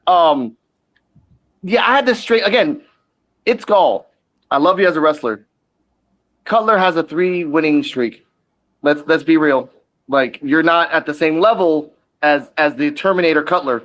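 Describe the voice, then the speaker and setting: Man, co-host, casual podcast chat, slightly high voice, excited outbursts. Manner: quick rundowns, excited outbursts.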